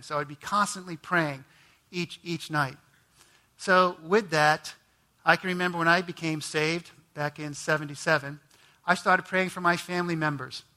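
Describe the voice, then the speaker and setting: Guy preaching his testimony, high bright voice, earnest storyteller. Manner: earnest storytelling, voice rising high when emotional. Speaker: ministry president. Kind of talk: testimony sermon.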